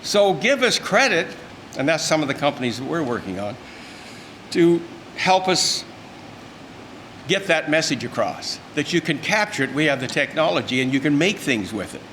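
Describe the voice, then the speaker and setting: A man's voice: fairly high pitch, very animated, normal speed, fairly bright tone, slight background noise. An older man, giving a folksy, emphatic, rambling informal speech at a luncheon. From Canada. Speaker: speaker at a luncheon. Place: event room.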